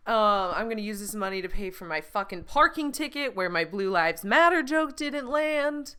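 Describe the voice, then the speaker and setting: A woman's voice: mid-range voice, expressive, moderate pace, hardly any pauses, pushed and bright, smooth. A young woman hosting a comedy podcast, telling a crude, profanity-laced story with jokey asides. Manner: crude, profane, jokey with put-on quoted voices. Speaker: podcast host.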